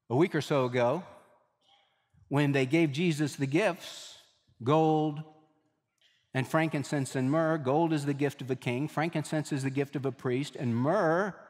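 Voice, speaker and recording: A middle-aged man preaching a sermon as a pastor, emphatic, slowing and dropping low on key words and repeating phrases for emphasis. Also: big-room sound.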